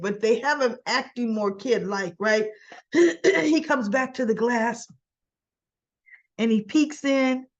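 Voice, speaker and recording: A woman hosting a casual soap opera recap, chatty, often clearing her throat and briefly quoting the characters. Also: fairly high pitch, dull audio.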